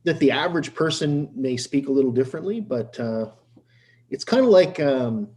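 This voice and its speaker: A Canadian man with a mid-pitched, everyday voice hosts a relaxed conversation. He keeps asking curious follow-up questions in an easygoing, informal way. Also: normal speed. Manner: curious, asks lots of questions. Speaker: channel host. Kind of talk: casual chat.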